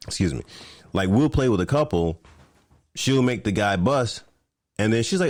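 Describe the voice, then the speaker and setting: Man co-host, animated storyteller, lively intonation, dry close recording. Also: fairly low pitch, unhurried, long pauses, no room sound. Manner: animated storytelling, laughs often. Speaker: podcast co-host. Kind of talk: casual chat.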